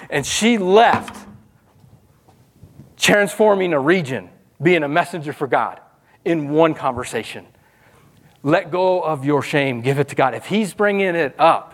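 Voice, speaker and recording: A man delivers a sermon in a notably high voice. His preaching is animated and conversational, and he jumps into quoted voices to act them out. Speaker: pastor.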